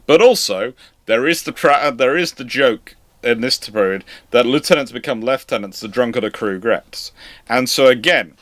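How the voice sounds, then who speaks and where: A man's voice: mid-range voice, expressive, moderate pace, a bit bright, no room sound. A man hosting a live-stream history lecture, explaining in a conversational, digressive way. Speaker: host.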